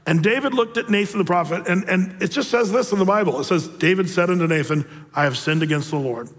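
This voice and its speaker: A man's voice: high voice, lively intonation, quick pace. A man in his sixties, a pastor, preaching a sermon in a conversational storytelling manner. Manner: conversational, storytelling, acts out quotes. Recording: long reverb of a large hall.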